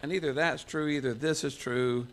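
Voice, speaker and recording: A man's voice: on the high side, steady tone, moderate pace, slight background noise. A man from the United States preaching a folksy, self-mocking sermon to a church congregation, wandering into asides. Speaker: pastor.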